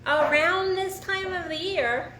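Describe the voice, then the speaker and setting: Brief: bright, high-voiced woman coach, blunt and animated; roomy echo, faint background hum. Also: takes it slowly. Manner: frank and profane, animated, restarts often. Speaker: sex and relationship coach. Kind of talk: casual solo talk to camera.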